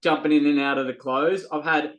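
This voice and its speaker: A man's voice: a little high, brisk, dull audio. A middle-aged man, a podcast guest telling a story in casual talk and acting out what people said. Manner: animated, acts out quoted dialogue, frequent restarts.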